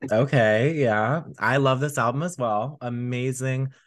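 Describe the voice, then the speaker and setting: A man's voice: medium pitch, fairly even intonation, measured pace. A man co-hosting a podcast, chatting casually and rambling with lots of fillers. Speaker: podcast co-host. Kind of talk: casual chat.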